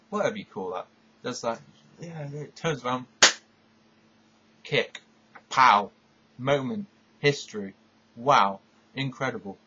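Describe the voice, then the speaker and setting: A man with a husky voice, chatting through a countdown video in a rambling, enthusiastic way that keeps interrupting itself. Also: mid-range voice, fairly bright tone, lo-fi sound. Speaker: vlogger. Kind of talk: casual countdown commentary.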